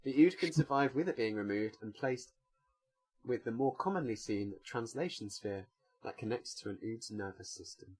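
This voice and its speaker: A man's voice: medium pitch, lively intonation, moderate pace, darkish tone, breathy edge, soft background music. A man co-hosting a podcast, who reads out quiz questions and explains the answers at length in casual chat. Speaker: podcast co-host running a quiz.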